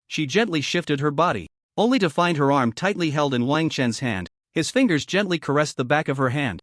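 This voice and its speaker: A man narrates a story recap from a script, keeping an even storytelling cadence. His voice sits somewhat high and moves a lot in pitch. The recording is close and dry. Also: dry recording.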